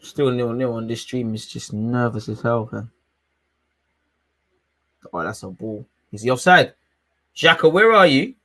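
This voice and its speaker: A young man hosting a live football watchalong. He is excitable, shouts at the referee and drops to low mutters in between. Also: unhurried, long pauses. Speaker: fan watchalong host.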